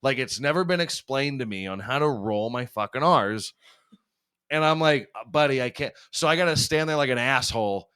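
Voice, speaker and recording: A man's voice: medium pitch, lively intonation, normal speed, sharp tone, clean tone. A young man hosting a podcast, rambling and swearing freely, often laughing at himself. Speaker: podcast host. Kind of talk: casual chat.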